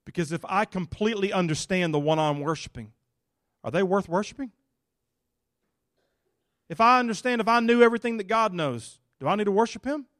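A male pastor preaching a sermon in a folksy, casual, animated way. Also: high-pitched, brisk, pauses often, no room sound, clean studio sound.

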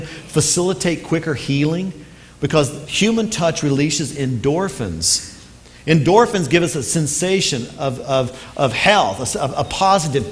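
A man preaching a sermon to parents, earnest and emphatic, repeating key phrases and telling stories with energy. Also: on the high side. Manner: lively storyteller, speeds up in anecdotes. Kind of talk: sermon with storytelling.

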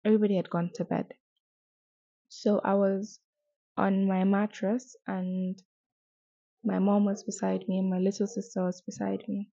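Soft, flat-voiced young Nigerian-born woman. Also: medium pitch, moderate pace, vocal fry, long pauses, no room sound. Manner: soft-spoken, hesitant, with restarts. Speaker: podcast host. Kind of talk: personal reflective monologue. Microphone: distance varies, mic briefly out of reach. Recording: dull, muffled home recording.

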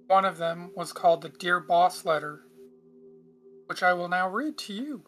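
A woman's voice: lowish voice, normal speed, faint music behind. A woman casually hosting a true-crime podcast, chatty with frequent asides. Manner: chatty, reads aloud with frequent asides and throat clearing. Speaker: podcast host.

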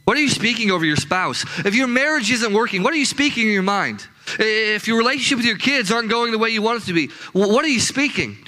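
A man's voice: high-pitched, expressive, fast, sharp tone, rough recording. A man preaching a sermon as pastor to his congregation, emphatic and repetitive, circling back on his key phrases. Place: church with a live congregation.

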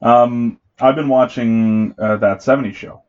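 A man's voice: medium pitch, steady tone, a little slow, muffled recording. A man co-hosting a podcast in casual chat, rambling and restarting his sentences with lots of fillers. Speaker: podcast co-host.

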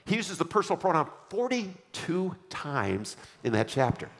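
A man's voice: on the high side, very animated, moderate pace. A man preaching a sermon as pastor, emphatic, repeating his refrains and having the congregation read along. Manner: leads the congregation in reading aloud. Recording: long hall reverb.

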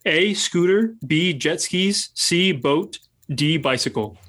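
A man running a casual podcast quiz, reading out multiple-choice questions with pauses and ums. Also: a little high, expressive, a bit bright. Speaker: quiz host running the game.

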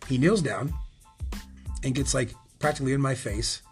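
A man's voice: mid-range voice, normal speed, soft background music. A man hosting a podcast, telling a long wrestling story in a rambling, casual way, acting out the lines of the people in it and swearing freely. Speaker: podcast host.

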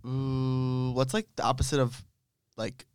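A man's voice: mid-range voice, level tone, a little slow, a little mellow, clean tone, no room sound, studio quality. A young man co-hosting a podcast, talking loosely with plenty of fillers and laughs in casual chat. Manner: loose and chatty, lots of "like" and laughs. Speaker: podcast co-host. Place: small room, filmed podcast.

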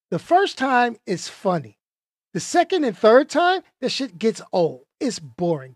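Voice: mid-range voice, dry recording, clean studio sound. A movie reviewer talking casually and emphatically, tossing out rhetorical questions and repeating points for effect.

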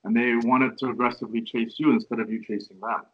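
A man's voice: medium pitch, level tone, fast talker, breathy edge. A man hosting a podcast interview, asking questions and affirming with short interjections. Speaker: podcast host. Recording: dull lo-fi audio.

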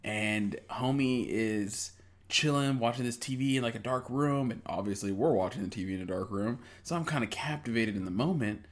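A young man co-hosts a casual podcast chat in a medium-pitched voice at normal speed. He's laid-back and swears freely, and a cold gives him a slightly stuffy nose.

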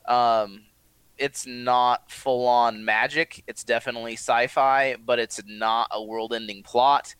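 A man co-hosting a casual podcast, giving his opinions in a measured way. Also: medium pitch, steady tone, fairly bright tone, clear, resonant tone, no echo, rough recording. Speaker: podcast co-host. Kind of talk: casual chat.

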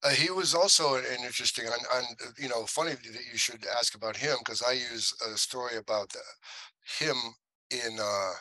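A man's voice: medium pitch, normal speed, bright, forceful tone, dry recording, poor audio. A man, an actor as interview guest, telling stories in rambling talk with many restarts and acted-out quotes. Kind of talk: casual interview storytelling.

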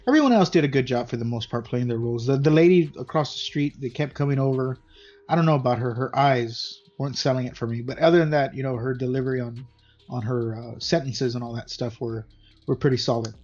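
A man's voice: medium pitch, quick pace, darkish tone. A man in casual chat, easygoing and agreeable. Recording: dull lo-fi with faint music.

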